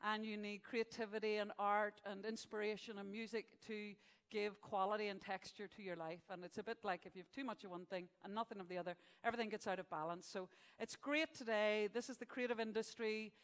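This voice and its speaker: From the stage of an event venue, a woman runs a live awards show, chatting with the crowd and cracking jokes between announcements. Her mid-range voice holds a steady tone at a slightly fast pace, trailed by a long reverb tail. The stand-up style hosting leans on gags with punchlines.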